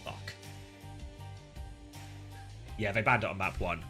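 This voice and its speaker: Bright-voiced excitable male esports caster. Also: fairly low pitch, takes it slowly, soft background music. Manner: excitable play-by-play, chatty analysis with fillers. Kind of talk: live esports commentary.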